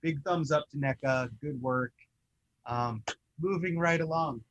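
An excitable young man chats casually about his toy collection and rambles through his stories. His voice sits a little high for a man. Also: a little slow, a little hiss or hum, low-quality recording. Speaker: co-host of a toy collecting show. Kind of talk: casual chat.

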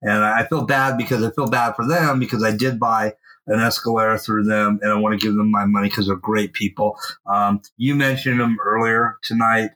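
A man co-hosting a podcast, telling a long story in a casual, animated way and swearing freely. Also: lowish voice, moderate pace, low-quality recording. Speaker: podcast co-host. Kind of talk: casual chat. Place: at home.

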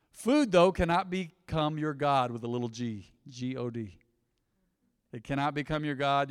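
In a church sanctuary with big-room acoustics, a medium-pitched man in his thirties gives a conversational sermon. The pastor keeps it casual, posing rhetorical questions and slipping in asides.

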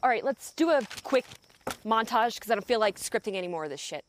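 A woman's voice: fairly high pitch, animated, fast talker, heavy background noise. A young woman hosting a scripted comedy vlog outdoors in the countryside, talking in a profane, sarcastic and exasperated way. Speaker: comedy video host.

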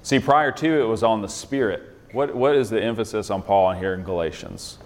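A man's voice: lowish voice, a little fast, big-room sound. A man leading an interactive Bible lesson in a conversational way, often quizzing his listeners with questions. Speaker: Bible study leader.

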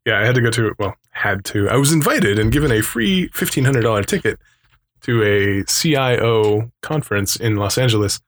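A man's voice: on the low side, lively intonation, normal speed, a bit bright. A man co-hosting a podcast, telling stories in casual chat with a rambling, laughing manner and acting out the voices of people he quotes. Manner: rambling storyteller who acts out quoted voices; laughs often between remarks. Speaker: podcast co-host.

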